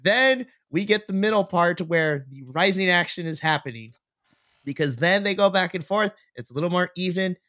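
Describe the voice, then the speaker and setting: A playful man co-hosting a podcast, talking in casual chat with a fairly high voice. He laughs easily and breaks things down step by step. The sound is dry and close, with no room around it. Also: animated, normal speed, pushed and bright, no room sound. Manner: playful, laughs often, breaks down matches analytically. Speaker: podcast co-host.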